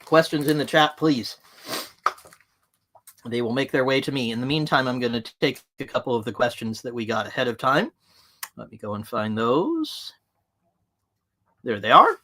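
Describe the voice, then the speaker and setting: Guy with a bright voice running a live webinar, plain-spoken and direct. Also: medium pitch, sing-song, normal speed, pauses often. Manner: frank, direct. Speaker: livestream presenter on management.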